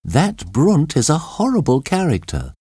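A man's voice: on the high side, wildly swooping pitch, moderate pace, dark tone, breathy edge, no room sound, clean studio sound, voice pushed up, heavily acted. A man voicing a nervous young female flight attendant in an audiobook story, in a raised, pleading voice. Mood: confiding. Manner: anxious, pleading.

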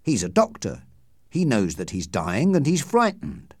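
An earnest, worried gentleman questions his old friends, voiced by a man reading aloud. His pitch moves a lot. The recording is dry and close. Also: huge pitch swings, measured pace, dry recording.

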